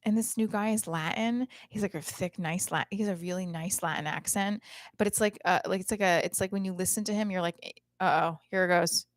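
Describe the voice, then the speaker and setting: A woman's voice: mid-range voice, brisk, no echo. A middle-aged woman hosting a podcast, talking in a blunt, profane, rambling comedic monologue into a close mic.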